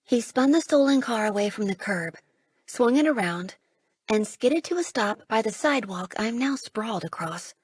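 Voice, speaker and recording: A woman reading a first-person audiobook, with a slightly husky, gravelly voice that rises for dialogue. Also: fairly high pitch, lively intonation, moderate pace, no room sound. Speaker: audiobook narrator.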